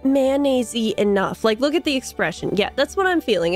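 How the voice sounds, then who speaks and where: A young woman with a fairly high voice, chatting excitedly as she plays a video game. She giggles a lot and keeps throwing in silly little jokes. Soft game music plays faintly behind her. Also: moderate pace, few pauses. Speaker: gaming video creator. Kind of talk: casual gameplay commentary.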